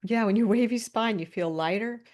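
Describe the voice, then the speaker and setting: A woman presenting a webinar over a video call, calmly guiding listeners through posture and breathing cues with light laughs between instructions. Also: mid-range voice, normal speed. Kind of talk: guided body-awareness instruction.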